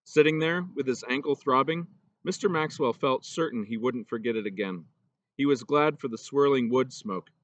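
A man reading a children's novel aloud in steady, measured storybook narration. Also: medium pitch. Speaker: audiobook reader.

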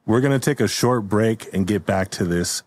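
Male comedy podcast host, low voice, playful and laughing. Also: moderate pace, darkish tone. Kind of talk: improvised comedy storytelling.

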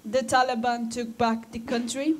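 A woman from Afghanistan speaks in English, her voice sitting a little high. She talks earnestly and with feeling to a room of students. She often breaks off and restarts her phrases. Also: little pitch movement, normal speed, a little hiss or hum. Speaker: guest speaker at a school talk. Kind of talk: personal talk to students. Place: school assembly room.

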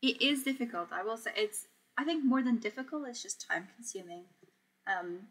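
A woman's voice: fairly high pitch, expressive, normal speed, a bit bright, slightly rough. Chatty young woman hosting a sewing stream. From Portugal. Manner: chatty, reads chat aloud, laughs often. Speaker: sewing livestream host. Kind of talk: casual live-stream chat while sewing.

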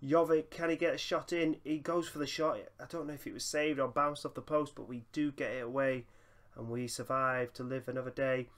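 A young man giving excitable running commentary over a football management game, breaking into laughter and shouts. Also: medium pitch, a little fast. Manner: excitable, bursts into shouting and laughter at big moments. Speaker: gaming YouTuber.

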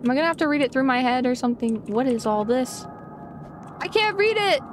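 A young woman streaming a video game, reacting excitably with frequent gasps and laughter as she chats casually. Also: sits high, fast talker, a little hiss or hum. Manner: excitable, gasping and laughing often. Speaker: gaming streamer. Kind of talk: casual gameplay commentary.

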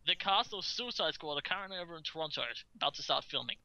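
A man's voice: a little high, animated, creaky, bright, forceful tone, no echo, muffled recording. A man co-hosting a casual podcast, reading out the news with many ums and frequent laughs. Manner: halting, full of ums and uhs, laughs often.

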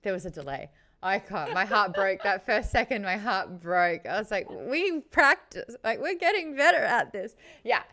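Young Australian woman host, casual streamer chat, smooth clear voice, mid pitch. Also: pushed and bright. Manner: chatty, quick asides and laughs. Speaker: host of a book club stream.

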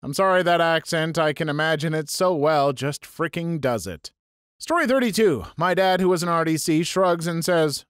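A man reads viewer stories aloud in a bouncy, lively voice that sits a little high. He slips in sarcastic asides as he goes, and the sound is close and dry. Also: moderate pace, smooth, dry recording. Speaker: story channel narrator. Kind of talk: reading online stories aloud.

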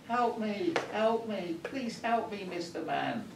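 A man voicing a boastful talking frog who claims to be a cursed musician, in a squeaky high voice, recorded from far off in a roomy, noisy classroom. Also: expressive, slow pace, gravelly, exaggerated voice. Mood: pleading. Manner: squeaky, pleading then eager and boastful.

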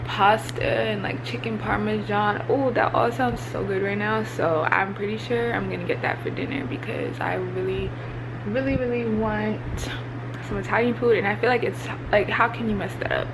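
A woman's voice: mid-range voice, noisy background. A young woman in her twenties chatting casually to her camera in a hotel room, upbeat and laughing often. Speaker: vlogger. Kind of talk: casual vlog chat to camera. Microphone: handheld phone or camera.

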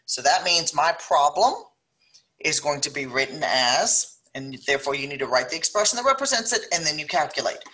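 A middle-aged woman with a South Louisiana accent, teaching a math lesson and thinking out loud as she works each problem. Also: very deep voice. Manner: thinks aloud, slows down when dictating numbers. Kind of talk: recorded math lesson, working problems aloud.

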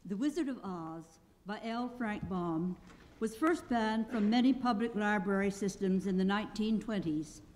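A woman's voice: mid-range voice, moderate pace, in a large hall, slight background noise. A woman reading a story aloud on stage at a literary event, narrating expressively. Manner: animated storytelling. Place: auditorium stage.

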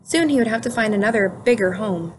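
A woman reading a children's picture book aloud in a calm, clear storytelling manner. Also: mid-range voice, a little fast, slight background noise. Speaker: storybook reader.

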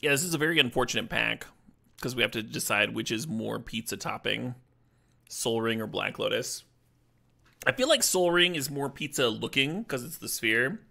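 During a streamed card game draft, a man jokes around casually and lets out swears in moments of excitement. His voice is gravelly and mid-range.

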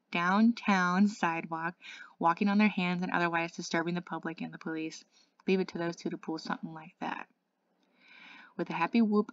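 A woman, an English tutor, reading a novel aloud in a steady voice, with small slips and restarts. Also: fairly low pitch, no room sound, lo-fi sound.

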